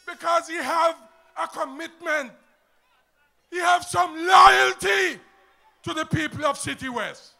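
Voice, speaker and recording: A man with an Antiguan accent giving a loud, emphatic political rally speech to a crowd. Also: extremely high pitch, takes it slowly, vocal fry. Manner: shouting, emphatic, rousing crowd.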